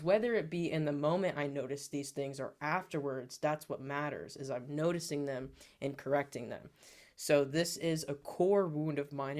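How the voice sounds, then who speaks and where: A man co-hosting a podcast, earnestly reflecting on his own feelings and growth with therapy-style language. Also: a little high. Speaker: podcast co-host. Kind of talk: personal storytelling on a podcast.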